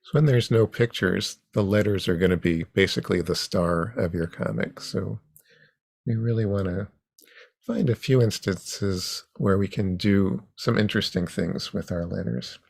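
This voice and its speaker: A man teaching an online comics workshop over a video call, unhurried and halting, with frequent ums. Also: low-pitched, gravelly, husky, no room sound, studio quality.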